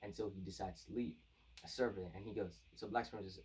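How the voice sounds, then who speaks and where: A man's voice: sits low, fairly even intonation, fairly quick, darkish tone, breathy edge. A man giving a casual, rambling manga chapter review, full of fillers and restarts. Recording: voice distant from the mic.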